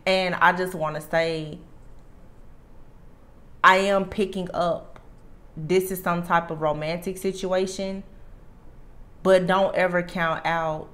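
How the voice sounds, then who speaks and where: Low-voiced woman giving an earnest tarot reading. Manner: earnest and emphatic, with frequent restarts and "like". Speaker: tarot reader.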